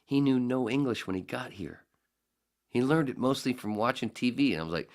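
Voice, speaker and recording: A man in his forties hosting a podcast, rambling casually with profane jokes and quick impressions. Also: mid-range voice, expressive. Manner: profane, jokey, slips into impressions. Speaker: podcast host.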